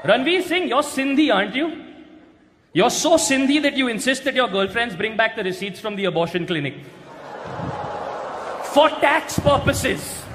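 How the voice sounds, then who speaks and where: A man doing a stand-up roast on stage, mocking his targets with crude punchlines and often shouting them. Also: extremely high pitch, animated, fairly quick. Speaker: roast comedian. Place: large hall with a live audience. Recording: echoey hall recording with crowd noise.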